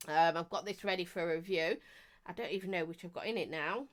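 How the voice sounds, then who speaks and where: A woman's voice: on the low side, brisk. A woman hosting a live stream, chatting casually and rambling as she greets viewers and laughs often.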